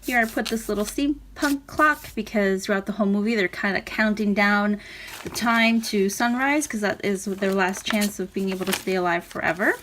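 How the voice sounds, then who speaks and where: A woman casually talking through a handmade journal she is showing page by page, relaxed and chatty. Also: medium pitch, normal speed, poor audio. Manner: chatty, relaxed, with fillers and soft laughs. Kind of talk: casual craft walkthrough. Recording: audible background noise.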